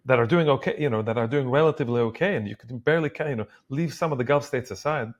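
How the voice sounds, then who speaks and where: Halting man co-hosting from afar. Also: mid-range voice, dull audio. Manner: halting, many restarts. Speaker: podcast co-host. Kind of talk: casual discussion. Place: Beirut, at a university.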